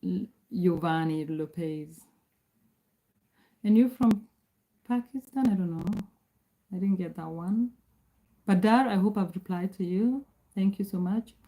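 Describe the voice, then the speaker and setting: Kenyan-born woman in her forties, calm measured livestream host, mellow dark voice. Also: mid-range voice, low-quality recording. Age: 40s. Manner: reads out viewer names and answers chat. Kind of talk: casual livestream chat.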